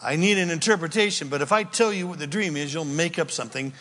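A blunt, impatient ancient king snaps out his demands, as a preacher puts him on. His voice sits a bit high and carries a long reverb from a large hall. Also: fast talker, a bit bright, natural voice. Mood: demanding.

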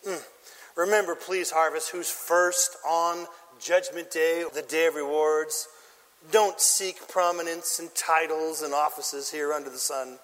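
A man's voice: on the high side, steady tone, unhurried, fairly bright tone, long reverb tail. A man preaching a sermon as pastor, emphatic and quizzing his congregation with questions. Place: church.

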